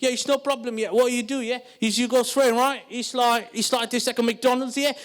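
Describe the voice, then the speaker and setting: A man's voice: very high voice, fairly even intonation, a little fast. Man putting on a rambling young Londoner. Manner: rambling, says "yeah" and "like" constantly. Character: casual young male Londoner giving directions.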